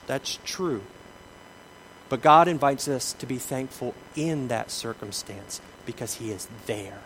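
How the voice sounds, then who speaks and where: A man preaching a sermon, shifting between lively emphasis, acted-out quotes and quiet asides. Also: medium pitch, slight background noise, poor audio. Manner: animated preaching, acts out quoted voices, drops to soft asides. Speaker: pastor.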